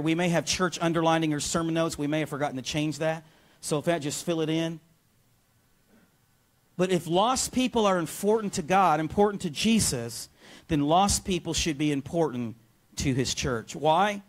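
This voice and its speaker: A man preaching a sermon as pastor in a church, energetic and often calling out to the congregation for a response. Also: on the high side, normal speed. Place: church sanctuary.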